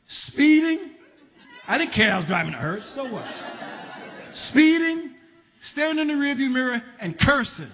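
A man from the Bronx, telling a story on a live stage in an animated way, often laughing and raising his voice. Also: very high-pitched, measured pace, pauses often, some chatter behind, a little hiss or hum. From the Bronx, New York. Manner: animated, shouting in quotes, laughing through lines. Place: theater stage. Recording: live stage, long hall reverb, dull sound.

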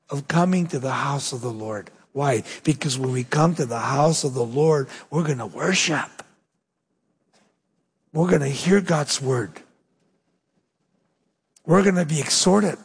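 A man preaching a sermon with emphatic delivery, dropping low and slow to stress key points. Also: vocal fry, slightly rough, big-room sound. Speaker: pastor.

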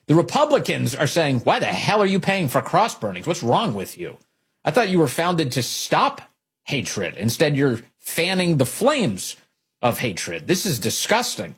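A man's voice: medium pitch, husky. A man hosting a political talk radio show in a sarcastic, combative, mocking manner.

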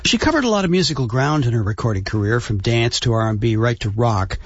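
A man's voice: mid-range voice, animated, fast talker, breathy edge, no echo, highs cut off. A man co-hosting a radio show, reading setups and chatting in an easygoing way. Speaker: radio co-host. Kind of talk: casual chat and scripted setups.

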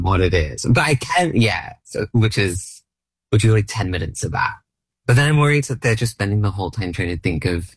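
A man in his thirties with an Australian accent, a comedian rambling in a self-deprecating way. His voice is low and husky. The sound is dry and close. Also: dry recording. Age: 30s. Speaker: stand-up comedian, guest. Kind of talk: casual interview chat.

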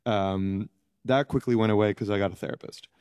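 A middle-aged man with a low, mellow voice answers interview questions in a halting, reflective way, often pausing to search for words. His voice sounds close and dry, with no room around it. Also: fairly even intonation, clear, resonant tone, no echo. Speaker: interview guest, former prisoner.

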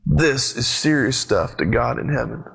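A pastor preaching a sermon, retelling the story with lively, sweeping swings in his voice and speaking straight to his congregation. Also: normal speed, gravelly, slightly rough. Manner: animated storytelling with big pitch swings; addresses the congregation directly.

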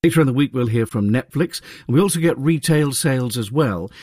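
A man's voice: mid-range voice, lively intonation, a little fast, a little mellow, no echo, studio quality. A man delivering a radio business report in a chatty, wry way, with light asides.

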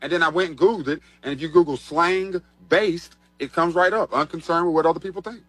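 A man's voice: fairly high pitch, fairly quick, a bit bright, no echo, soft background music, low-quality recording. A man hosting a slang quiz segment on a talk show, handing out verdicts in a matter-of-fact way. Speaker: host running a quiz segment. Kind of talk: casual radio show banter.

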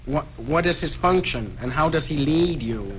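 Bossy German customs officer, fake German accent, higher-pitched man doing it, noisy vintage tape. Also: animated, moderate pace, close to an everyday voice. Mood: interrogating. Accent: put-on German. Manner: bossy, interrogating, breaks into laughter. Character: pompous stern male German customs officer. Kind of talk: improvised comedy sketch.

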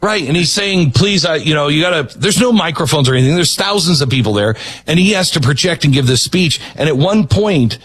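A man hosting a show, chatting and telling a story in a lively way. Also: a little high, fairly quick, few pauses, breathy edge, dry recording. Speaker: host. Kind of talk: casual chat.

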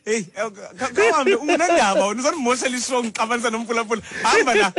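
A man hosting a casual radio chat, animated and teasing, often laughing. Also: extremely high pitch, moderate pace, husky. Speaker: radio host.

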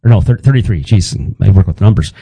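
Wry man in his fifties, dark tone. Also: low-pitched, husky, no echo, rough recording. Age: 50s. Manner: halting, wry storyteller with frequent restarts. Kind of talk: casual storytelling chat.

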